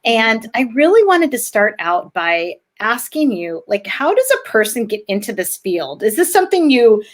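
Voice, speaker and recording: A woman hosting a casual interview, bubbly and animated, laughing at her own slips. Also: on the high side, normal speed. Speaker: podcast host.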